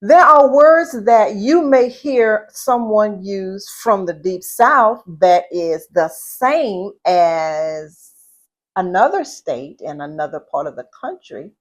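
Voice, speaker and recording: A middle-aged woman with a Louisiana Southern accent gives an etiquette lesson. She speaks at an unhurried pace in a mid-range voice. She repeats her points and puts questions to the listener. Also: medium pitch, expressive. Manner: slow and deliberate, repeats herself, asks the listener questions. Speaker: etiquette teacher. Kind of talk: instructional talk.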